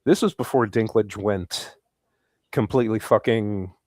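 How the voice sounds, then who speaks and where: A man's voice: on the low side, a little slow, a little mellow, no room sound, clean studio sound. A man co-hosting a podcast, giving blunt, crude opinions in a casual film review chat. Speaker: podcast co-host.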